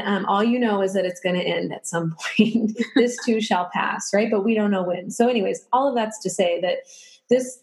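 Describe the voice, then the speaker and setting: A woman in her thirties chats casually as a podcast guest, rambling with many filler words and laughing often. Her mid-range voice has a darkish tone, recorded in a room at her home with a roomy echo.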